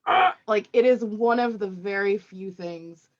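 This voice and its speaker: A woman's voice: medium pitch, a little slow, a little hiss or hum. A woman co-host in a casual chat over a video call, emphatic and exasperated. Her audio sounds slightly dull and lo-fi.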